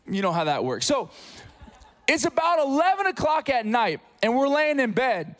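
A man in his thirties, a pastor preaching a sermon in church, telling a story with big swings from hushed to loud. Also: extremely high pitch, very animated, normal speed. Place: church sanctuary.

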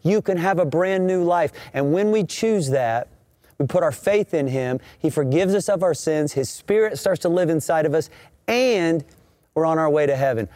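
A man's voice: fairly high pitch, expressive, normal speed, dark tone, no echo, clean studio sound. A middle-aged man, a senior pastor, giving an earnest and emotional personal testimony in a church sanctuary, repeating phrases as he tells it.

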